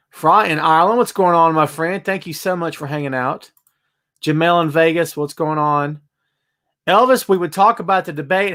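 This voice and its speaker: A man's voice: a little high, a bit bright. A man hosting a casual live-streamed wrestling podcast from his home, chatty and greeting viewers by name. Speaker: podcast host. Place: home room with bass amp.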